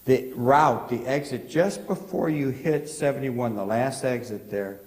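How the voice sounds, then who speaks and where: Poor audio from a large hall carries a man's mid-range voice as he preaches in a church sanctuary. He is a pastor whose rambling anecdotes are halting and full of restarts, repeated words, and questions aimed at the congregation.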